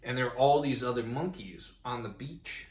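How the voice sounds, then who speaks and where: A man's voice: mid-range voice, normal speed, a little mellow. A young man co-hosting a podcast, telling a long story in a rambling, profane way full of "like". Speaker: podcast co-host. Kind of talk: casual chat, storytelling. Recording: roomy echo.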